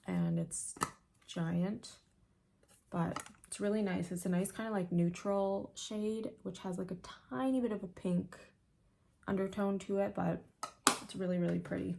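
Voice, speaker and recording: A young woman vlogging a casual makeup tutorial with a sore throat and a slightly rough voice, chatty and full of fillers. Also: mid-range voice, fairly even intonation, mellow, a little hiss or hum. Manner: chatty, filler-heavy, slow. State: sore throat, still sick. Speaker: beauty vlogger.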